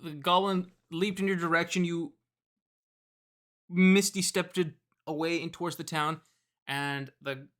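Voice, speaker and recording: A game master narrating a tabletop game, pausing with fillers and small laughs. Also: mid-range voice, steady tone, fairly bright tone.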